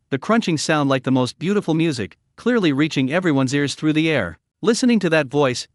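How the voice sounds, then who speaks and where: A man narrating a comic story recap in scripted, animated storytelling. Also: fairly high pitch, no room sound, clean studio sound.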